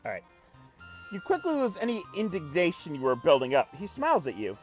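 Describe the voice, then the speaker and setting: A man playing a game on video, reading its text aloud with casual commentary, animated and swearing casually while joking at himself. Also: fairly high pitch, fast talker, faint music behind. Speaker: let's play gamer.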